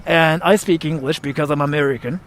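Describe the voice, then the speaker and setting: A man raised in Japan, telling stories to his viewers in a casual chat, excitable, laughing and swearing often. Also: fairly high pitch, fairly quick, slight background noise.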